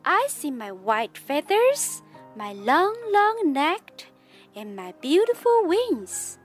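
A woman voicing a gullible, silly female goose in a children's picture book, with high gasping exclamations. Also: big pitch swings, slow pace, soft background music, full character voice. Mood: proud. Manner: high, breathy gasps and fretful exclamations.

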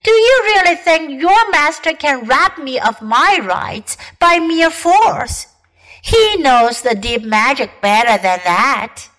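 A woman reading aloud, voicing a cold, menacing witch queen who speaks in a shrill, imperious way. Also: lively intonation, takes it slowly, a bit bright, full character voice, poor audio.

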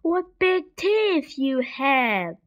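A woman's voice: high-pitched, big pitch swings, very slow, voice pushed up, heavily acted. A woman voicing a young girl who visits her grandmother, speaking in an eager, exclaiming way. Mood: surprised. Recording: dull lo-fi recording.

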